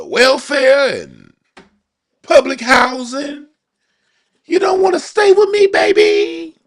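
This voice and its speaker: A man putting on a smooth-talking seducer, crooning and coaxing with drawn-out pet names. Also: very high-pitched, voice pushed up, full character voice. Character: smooth-talking male party as a sweet-talking seducer.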